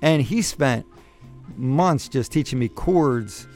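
A man's voice: medium pitch, lively intonation, slow, darkish tone. A man hosts a call-in radio advice show in an ordinary mid-range voice. He rambles, restarts his sentences and corrects himself as he hands out friendly advice. Faint music plays behind him. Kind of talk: casual call-in chat.

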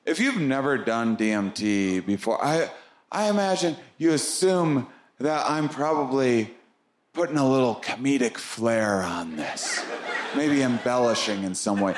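A man doing stand-up, telling a story with lively swoops into squeaky sound effects. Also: a little slow, roomy sound. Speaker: stand-up comedian. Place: comedy club stage.

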